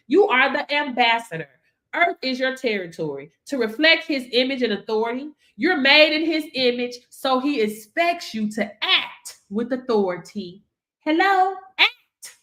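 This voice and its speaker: A business coach with a high, bright voice gives a motivational faith talk in a preacher-like style. She speaks emphatically, chanting her affirmations rhythmically and punctuating them with call-outs to her audience.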